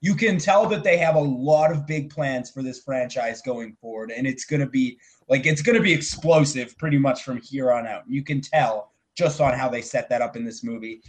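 A young man chatting casually about a movie he liked, excitable and quick to swear. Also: medium pitch. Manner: excitable, swearing, laughing often. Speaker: movie reviewer. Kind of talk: casual movie review chat.

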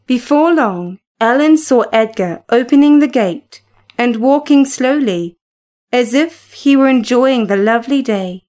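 A woman narrates a storybook in a high voice. She reads at an unhurried, deliberate pace. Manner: steady, measured reading. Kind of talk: storybook reading.

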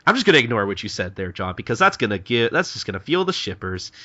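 A man's voice: mid-range voice, quick pace, dry recording. A man co-hosting a podcast, animatedly recapping a manga in casual chat and acting out lines. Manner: animated retelling with acted-out lines. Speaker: podcast co-host. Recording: dull dry lo-fi mic.

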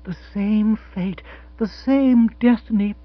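A man's voice: high voice, slow, no echo, voice pushed up. A man putting on a gushing, mystical rich widow. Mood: rapturous. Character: grand romantic wealthy widow, gushing, theatrical. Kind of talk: audiobook character voice. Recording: dull lo-fi sound.

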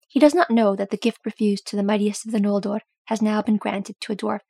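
A woman voicing a grim, weary ranger who speaks in a grave, measured way. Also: medium pitch, little pitch movement, creaky, warm tone, slightly rough, no echo.

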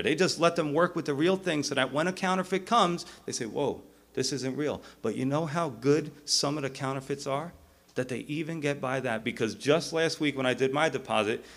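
A middle-aged male pastor preaches a sermon with a gravelly, mid-range voice. He tells stories in an animated way, acting out the voices of the characters.

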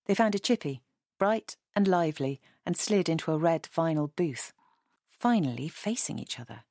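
A woman reading a novel aloud in a measured, even way. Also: low-pitched, no echo, studio quality. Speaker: audiobook reader. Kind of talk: scripted narration.

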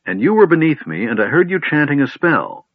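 A man voicing an eager, chatty male kender who tells tales excitedly and stammers at times. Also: on the high side, fairly quick, husky, dry recording, voice pushed up, full character voice. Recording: tinny phone-like line, dry.

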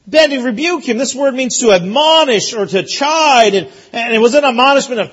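High husky preacher man, emphatic. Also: expressive, moderate pace, lo-fi sound. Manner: emphatic, repeats phrases, rises to loud peaks. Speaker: pastor. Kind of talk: sermon.

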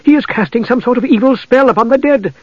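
A man's voice: very high voice, quick pace, dry recording, voice pushed up. A man voicing an alarmed female cleric who speaks urgently, in a dull, dry audiobook recording.

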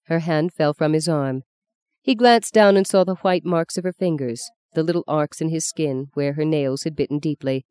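Low, mellow woman narrating a novel. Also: clear, resonant tone, no echo. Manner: measured, expressive storytelling. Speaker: audiobook narrator. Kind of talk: scripted narration.

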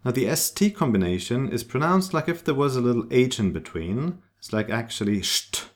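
A man teaching pronunciation, saying example words slowly and repeating each sound. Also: medium pitch, big pitch swings. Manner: slow, demonstrative, repeating sounds. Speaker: German teacher. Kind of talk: pronunciation lesson.

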